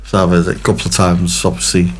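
A man's voice: deep voice, completely flat delivery, fast talker, slight background noise. A man presenting a radio show, introducing songs and bantering casually with his co-host.

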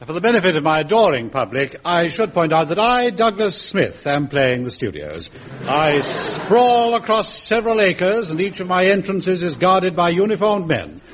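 A man's voice: sits high, sing-song, moderate pace, slight background noise. A man playing a grandiose talking studio. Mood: grand. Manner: grandiloquent, pompous. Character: self-important man posing as a film studio. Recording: dull radio recording, audience laughter.

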